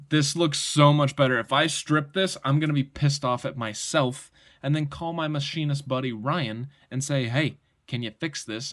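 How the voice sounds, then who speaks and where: A man talks through a pocket knife in a loose, excited review, wandering off on tangents and checking in with "right?" as he goes. His voice sits at an ordinary middle pitch, and he swears mildly when something impresses him. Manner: enthusiastic, rambling, frequent "right?" and mild swearing. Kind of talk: casual product review.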